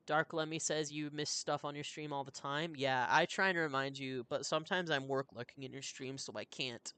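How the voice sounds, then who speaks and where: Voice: mid-range voice, steady tone, moderate pace, pushed and bright, clean tone, no echo. A streamer narrating a story game live, chatting and laughing with viewers between character voices. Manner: chatty, laughing asides to chat. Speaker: streamer and voice reader. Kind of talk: live-streamed game read-through with chat.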